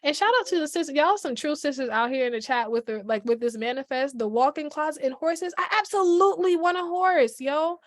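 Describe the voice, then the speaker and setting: A woman's voice: high voice, fairly quick, hardly any pauses, no room sound, studio quality. A woman from Brooklyn, chatting animatedly as a guest on a video call, full of "like" and "yo". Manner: animated, lots of "like" and "yo", laughs often. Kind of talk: casual chat on a video call.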